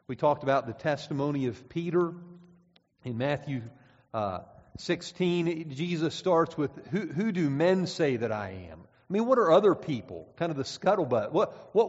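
Guy preaching in a church, kinda high voice, chatty, repeats himself, muffled recording with long hall echo. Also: expressive, normal speed, darkish tone. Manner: conversational, repeats words, reads scripture aloud. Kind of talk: sermon. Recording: dull sound with long hall reverb.

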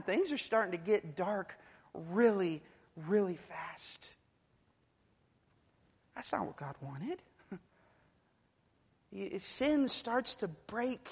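Preaching to a congregation, a man with a high-sitting voice builds from near-whispers to forceful, climbing peaks of emphasis. Every phrase trails off into a long, reverberant hall tail.

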